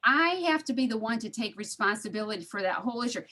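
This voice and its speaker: A woman's voice: fairly high pitch, expressive, fast, sharp tone. A middle-aged woman chatting casually on a video call, laughing often and acting out the voices in a story. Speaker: study group participant. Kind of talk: casual storytelling in an online group.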